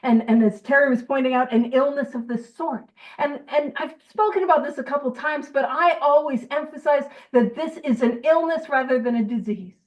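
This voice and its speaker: A woman's voice: sits high, moderate pace, hardly any pauses, distant mic, rough recording. A woman co-hosting a recovery book study group in casual, digressive, self-deprecating talk over a video call.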